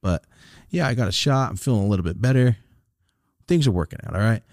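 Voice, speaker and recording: Animated swearing podcast guy, low voice. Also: quick pace, no room sound, clean studio sound. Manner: animated storytelling, swears a lot, acts out quotes. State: recovering from sinus infection. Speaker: podcast co-host. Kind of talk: casual podcast chat.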